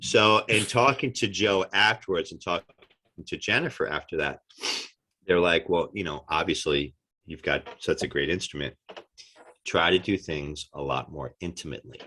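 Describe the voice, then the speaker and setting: Man, deep voice, forceful delivery, animated storyteller, podcast guest chat. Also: moderate pace. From United States. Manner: animated storyteller, acts out quotes. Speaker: actor guest. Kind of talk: casual interview chat.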